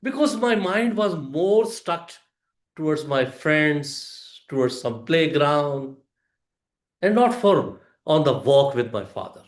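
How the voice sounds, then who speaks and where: A man giving a prepared storytelling speech to a club audience, with a deliberate delivery, pauses and emphatic rises. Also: a little high, lively intonation, reverberant.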